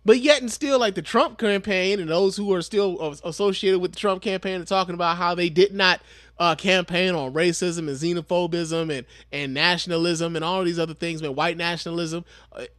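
A man's voice: sits high, fairly even intonation, a little fast, a bit bright, no echo, clean studio sound. A man giving casual, blunt, profane commentary on a clip he plays.

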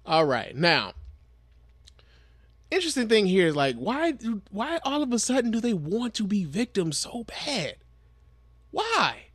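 A man with a high voice talks through a video he is sharing, blunt and profane in his commentary. His voice sounds dry and close, with no room around it. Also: big pitch swings, moderate pace, dry recording. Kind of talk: casual commentary.

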